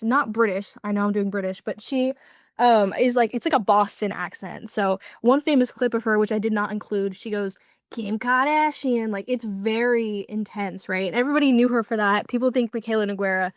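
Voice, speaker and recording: A woman's voice: mid-range voice, dry recording, clean studio sound. A young woman giving a casual class presentation, explaining with lots of fillers. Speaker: student presenter.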